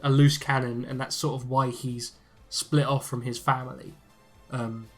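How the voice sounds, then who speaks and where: A man's voice: medium pitch, little pitch movement, moderate pace, soft background music. A man co-hosting a podcast in casual, profane chat, laughing often as he talks. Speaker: podcast co-host.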